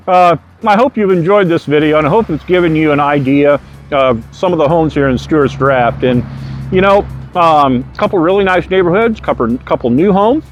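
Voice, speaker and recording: A man's voice: mid-range voice, lo-fi sound. An older man, a real estate agent, narrating a casual video tour in a folksy, chatty way outside a bakery. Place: outdoors in front of a bakery.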